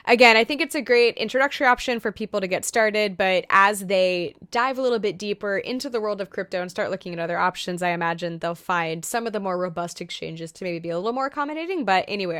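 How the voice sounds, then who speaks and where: A woman's voice: mid-range voice, fairly bright tone, no room sound, studio quality. A young woman chatting casually to camera about crypto news, upbeat, with many fillers and asides. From Canada and the US.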